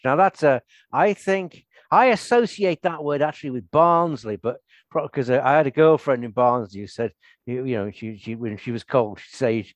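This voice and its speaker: A man's voice: medium pitch, animated, normal speed, dry recording. An older man hosting a podcast in casual chat, rambling with restarts and laughing often. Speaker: podcast host.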